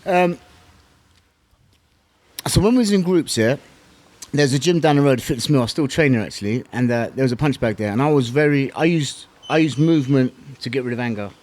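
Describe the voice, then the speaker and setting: A man talks quickly and bluntly as a podcast guest, his words tumbling out at a rapid clip. He tells his story in casual slang and swears freely, his pitch sitting in a middle range. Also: a little mellow. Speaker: podcast guest, former kickboxing champion. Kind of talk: casual interview talk.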